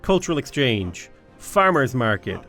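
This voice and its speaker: A man's voice: mid-range voice, sing-song, measured pace, a bit bright, faint music behind. A young Irish man giving chatty, enthusiastic let's-play commentary, thinking aloud as he plays a strategy game. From Ireland. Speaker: gaming YouTuber.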